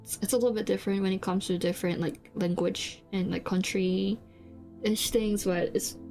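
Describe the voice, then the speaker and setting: A woman's voice: mid-range voice, steady tone, normal speed, a little mellow. A young woman from South Korea whose first language is Korean, chatting casually on stream in a rambling, hesitant way with many fillers and restarts. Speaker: VTuber streamer. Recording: faint background music.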